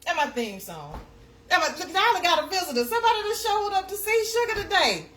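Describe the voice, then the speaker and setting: A woman's voice: very high-pitched, big pitch swings, brisk, a bit bright. A woman hosting a casual live chat, talking in a sing-song way and reading comments aloud. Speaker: livestream host.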